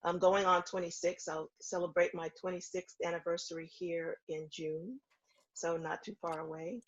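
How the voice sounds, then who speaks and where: A woman in her fifties from the American South, a foundation founder calmly recounting her story in a remote interview, with steady ums. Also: on the low side, muffled recording. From Houston, Texas. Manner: measured, reflective storytelling with frequent ums.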